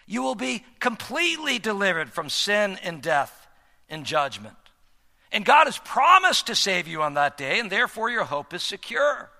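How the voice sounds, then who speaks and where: High, lively preaching man in a reverberant hall. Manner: emphatic preaching with wide swings in loudness. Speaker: pastor. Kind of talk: sermon.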